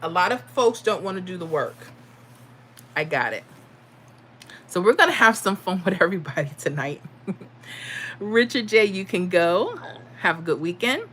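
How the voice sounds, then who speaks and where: Lady on a livestream, bright chatty voice, reads comments out, a bit of noise behind. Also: lowish voice, lively intonation, moderate pace, long pauses, rough recording. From Florida. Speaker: livestream host. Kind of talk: casual livestream chat.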